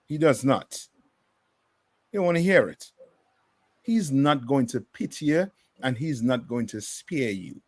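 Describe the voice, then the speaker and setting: A man leading a bible class, preaching hard at his listeners and checking in with rhetorical questions. His voice sits at an ordinary pitch and sounds dry and close. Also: animated, a little slow, long pauses, no room sound. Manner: emphatic, many rhetorical questions. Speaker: class teacher.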